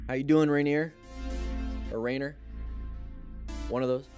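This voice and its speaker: A man's voice: mid-range voice, fairly even intonation, measured pace, darkish tone, soft background music. A man hosting a casual livestream as a riding instructor, upbeat and chatty, greeting viewers by name and reading out comments.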